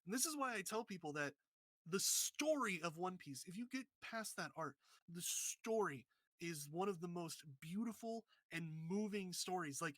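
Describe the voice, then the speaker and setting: A man's voice: sits high, animated, normal speed, a bit bright, no echo. A man co-hosting a casual podcast, recapping a story with earnest, emotional storytelling. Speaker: podcast co-host.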